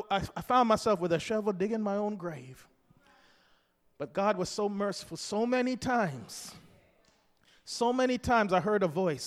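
A man with a very high, bright, forceful voice preaches a fiery sermon, dropping to near-hushed lines and then building to shouted declarations. His voice rings out in a long hall reverb. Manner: impassioned, swinging between loud and hushed.

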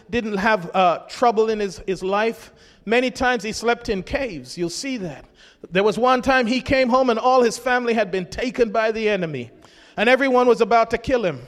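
High-voiced preacher in a reverberant hall. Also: male voice. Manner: rises into shouts to urge the congregation. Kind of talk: sermon.

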